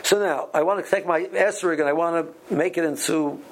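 A man teaching a Talmud class, speaking haltingly with many repeated words and ums. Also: on the high side, slight background noise, rough recording. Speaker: Torah teacher.

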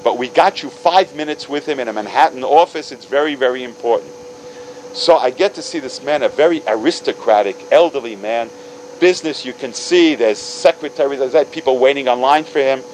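Animated storytelling man in his fifties. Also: fairly quick, a little hiss or hum, low-quality recording. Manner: animated, acting out dialogue with big pitch jumps; sprinkles Hebrew and Yiddish terms. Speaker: speaker telling stories to a religious audience. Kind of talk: storytelling talk.

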